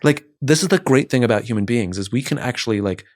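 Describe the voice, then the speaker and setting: A man talks as a podcast guest, telling stories with lively energy. He acts out the lines of the people in his stories. His voice sits at an ordinary middle pitch. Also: quick pace, no echo, clean studio sound. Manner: animated, acts out quoted exchanges in different voices. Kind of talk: conversational storytelling.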